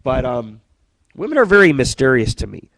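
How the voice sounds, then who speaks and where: A man's voice: mid-range voice, very animated, normal speed, creaky, fairly bright tone, dry recording, low-quality recording. A man hosting his own radio show, telling stories and jokes in a profane, rambling, boastful monologue.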